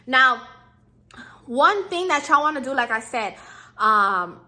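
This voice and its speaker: A young woman in her twenties talks straight to her viewers in a casual advice vlog. Her voice sits high and sounds bright and sharp. She chats in loose slang and keeps slipping into quick impressions of customers and clerks. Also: expressive. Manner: slangy and chatty, acts out customer and clerk lines. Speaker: YouTuber giving customer service tips.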